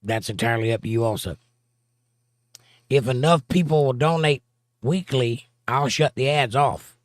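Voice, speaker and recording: Male stream host, mid-pitched, unhurried chat reader, dry close mic. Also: no room sound. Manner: reads viewer comments aloud in a steady conversational drawl. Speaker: livestream host reading chat. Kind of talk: casual chat.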